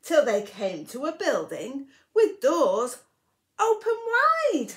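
A woman reading a rhyming picture book aloud to children for a library storytime, very expressive, with whispered asides. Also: sits high, slow pace.

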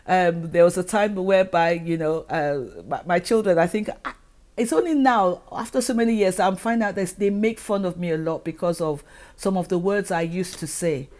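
A woman's voice: fairly low pitch, normal speed, a little mellow. A middle-aged woman from Africa, hosting her own advice vlog and talking earnestly to the camera, full of rhetorical questions. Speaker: channel host and educator.

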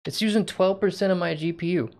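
A man streaming a video game live, chatting casually and reacting excitedly with gasps and laughs. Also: high voice, quick pace, slight background noise. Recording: game music under the voice. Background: game music clearly audible.

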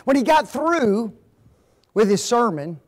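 Older preacher, high animated voice. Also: male voice, takes it slowly. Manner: animated storytelling with rhetorical questions. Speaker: guest speaker at a marriage seminar. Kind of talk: folksy church seminar talk. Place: church hall.

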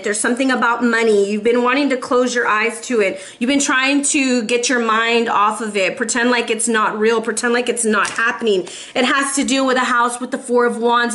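Her voice sits a little high with a fairly bright tone. This woman in her 40s reads tarot casually for her viewers, sounding earnest and emotional and letting out sighs between each message.

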